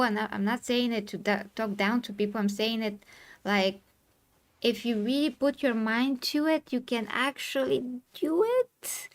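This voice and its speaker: A woman streamer in a live discussion, earnest and insistent, explaining herself and quick to apologize. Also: a little high. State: tired from talking.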